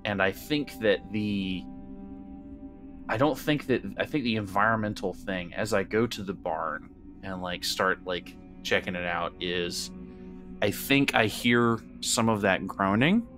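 Low-voiced man, casual tabletop player. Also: a little slow, music in the background. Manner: casual, rambling, swears freely. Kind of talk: tabletop role-play chat.

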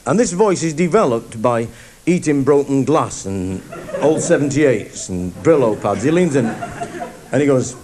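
A man's voice: mid-range voice, lively intonation, measured pace, noisy background. A man doing live stand-up comedy on stage, telling a rambling, mocking story to an audience.

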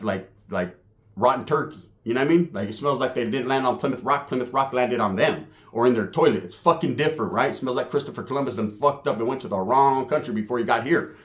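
A man telling a prison story in casual, profane, slang-heavy street talk. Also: medium pitch.

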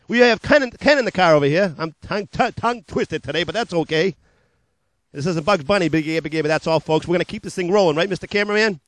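A man hosting a local TV car sales show, pitching cars in upbeat, repetitive patter and joking about his own slips of the tongue. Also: fast talker, dry recording.

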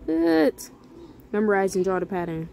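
A young woman talking loudly through a mobile game, swearing freely and reading in-game texts aloud with plenty of sass. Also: medium pitch, normal speed, low-quality recording. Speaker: gamer. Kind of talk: casual gameplay commentary.

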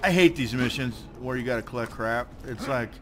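A young man giving loose commentary on his own gameplay, swearing a lot, muttering to himself and yelling at enemies when they hit him. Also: mid-range voice, fairly quick, a little hiss or hum. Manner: swears often, trash-talks enemies; yells in frustration when hit. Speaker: let's play gamer. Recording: game music playing behind.

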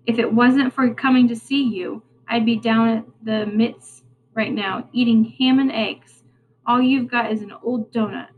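A woman's voice: fairly high pitch, fairly even intonation, a little slow, phone-quality sound, a little hiss or hum. A woman voicing a rude, bossy boy who sneers and snaps orders, reading a storybook aloud. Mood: complaining. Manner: sneering, sharp-tongued.

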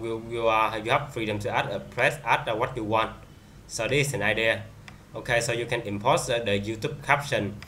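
Bright-voiced man demoing software haltingly. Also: lowish voice, a little hiss or hum. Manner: halting, many fillers and restarts. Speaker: software reviewer. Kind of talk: screen-recorded software demo.

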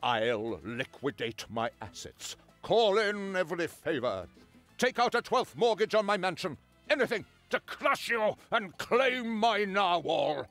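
A vengeful wealthy rival swears spiteful revenge in a video game. He speaks slowly in a high, gravelly voice. Faint music sits behind him. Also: big pitch swings, a bit bright, exaggerated voice. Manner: desperate, spiteful, drawn-out delivery.

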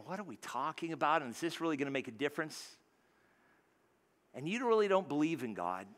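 A male pastor preaching in a church with a high, bright voice. He talks to the congregation in a loose, animated way, stumbling over restarts and then dropping suddenly soft. He sounds close and direct, like a friend giving a talk. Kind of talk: sermon. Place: church sanctuary.

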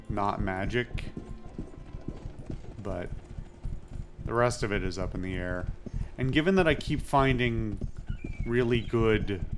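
Laid-back man narrating his gameplay. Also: lowish voice. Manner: laid-back, musing, swears casually. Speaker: let's play host. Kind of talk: casual gameplay commentary.

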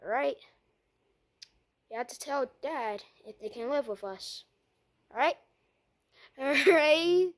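High, lively-voiced woman in a playful skit. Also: slow, long pauses. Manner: playful, excitable, switching between characters; stammering restarts. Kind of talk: homemade character skit.

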